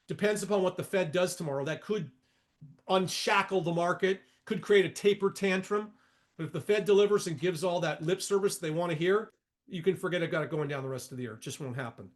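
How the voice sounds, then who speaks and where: A market educator in his sixties, with a notably high voice, runs a fairly quick trading lesson while pulling up charts. He's emphatic and repetitive, throwing folksy asides to his viewers.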